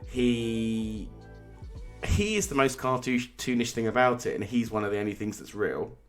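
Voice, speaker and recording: A man's voice: mid-range voice, animated, measured pace, soft background music. A man co-hosting a casual film podcast, talking in opinionated bursts with frequent restarts. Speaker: podcast co-host. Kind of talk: casual film review chat.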